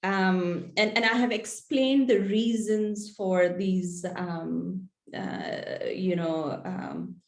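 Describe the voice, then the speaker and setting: A woman's voice: medium pitch, fairly even intonation, drawn-out words, hardly any pauses. A woman author being interviewed, explaining things in an earnest, thoughtful way. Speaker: author guest. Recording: echoey room.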